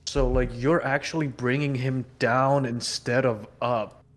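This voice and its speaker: A man's voice: medium pitch, fairly even intonation, unhurried. Man arguing in character at a game table. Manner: reasoning, mock-earnest arguing. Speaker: player. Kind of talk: in-character tabletop role-play.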